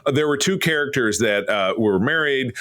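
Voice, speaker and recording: A man co-hosting a podcast in casual chat, animated and quick to laugh, sometimes mimicking characters. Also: mid-range voice, no echo. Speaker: podcast co-host.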